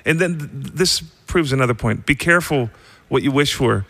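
A man in the middle of the usual pitch range co-hosts a podcast. He chats easily and adds his own memories to the guest's stories, in a relaxed, conversational way. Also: normal speed, long reverb tail. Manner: chatty, builds on the guest's stories. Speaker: podcast co-host. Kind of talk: casual interview chat.

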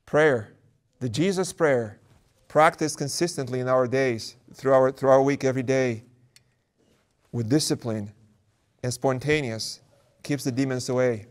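A man's voice: medium pitch, a little slow, pauses often. A man, an Orthodox priest, delivering a sermon and often repeating words as he works through a thought.

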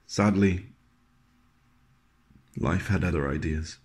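A man with a very deep voice delivers a scripted dramatic monologue. He tells it in a gentle, wry way, dropping into low, soft passages. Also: takes it slowly. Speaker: actor performing a monologue.

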